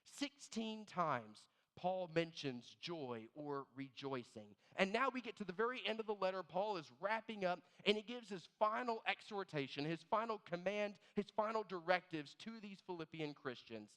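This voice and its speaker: A man preaching a sermon as pastor, animated and storytelling, dropping low and quiet on key words. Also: normal speed, few pauses. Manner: animated storyteller, acts out both sides of little scenes. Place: church sanctuary. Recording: long reverb of a church hall.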